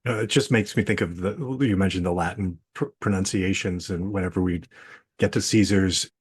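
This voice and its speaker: A man co-hosting a relaxed panel chat, who speaks in halting, hesitant phrases. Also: low-pitched, breathy edge. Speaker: podcast co-host. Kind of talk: casual panel conversation.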